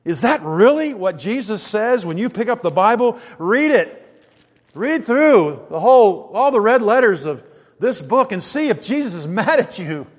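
A man delivers a conversational sermon in a high voice. He keeps asking his listeners rhetorical questions, sinks low and quiet, then rises again. His words ring out with a long reverb, as in a large hall. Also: very animated, normal speed. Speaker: pastor.

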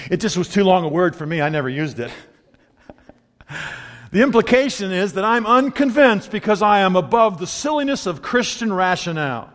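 Lively preaching man in a reverberant hall. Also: high voice, moderate pace, pauses often. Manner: lively, acts out mocking quotes, laughs often. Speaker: pastor. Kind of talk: sermon.

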